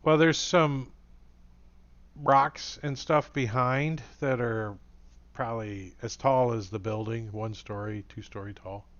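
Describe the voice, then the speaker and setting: A man's voice: medium pitch, steady tone, slow, fairly bright tone. Male game master, casual and rambling, muffled voice-chat audio. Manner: casual, rambling, many fillers. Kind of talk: narrating a tabletop game.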